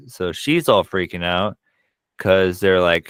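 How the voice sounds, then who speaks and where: A man co-hosting a podcast, casually recapping a horror film with animated bursts, quoted lines and frequent swearing. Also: low-pitched, moderate pace, clear, resonant tone, no room sound. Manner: frequent profanity. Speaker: podcast co-host. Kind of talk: casual movie recap chat.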